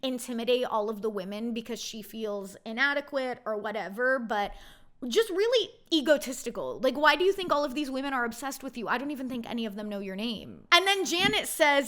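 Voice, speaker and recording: A woman's voice: fairly high pitch, expressive, fairly quick, pushed and bright. A young woman hosting a reality TV recap, giving blunt, indignant commentary in a casual way.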